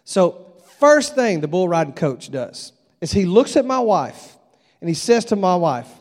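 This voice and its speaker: A middle-aged man with a drawl delivers a relaxed, storytelling revival sermon. His voice sits high, and the church sanctuary adds a long, lingering echo. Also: measured pace. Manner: folksy, conversational, acts out voices in his stories. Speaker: revival preacher.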